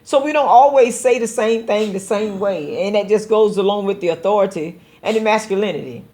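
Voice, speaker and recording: A woman pastor hosts a call-in show. She speaks to listeners directly in an earnest, exhorting preaching style at a middle pitch, often stumbling over repeated words as she builds toward a point. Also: brisk, mellow. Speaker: pastor and radio show host.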